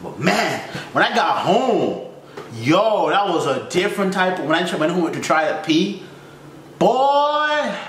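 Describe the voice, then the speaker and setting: A man telling a funny personal story in a frank, slangy way, acting out his own reactions with high yelps and low mutters. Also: big pitch swings, unhurried, a bit bright, roomy sound, distant mic, slight background noise.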